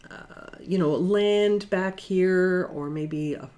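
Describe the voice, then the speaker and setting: A middle-aged woman giving a casual watercolor painting demonstration in her studio, talking in a relaxed, chatty way with fillers. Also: fairly low pitch, takes it slowly. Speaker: watercolor art instructor.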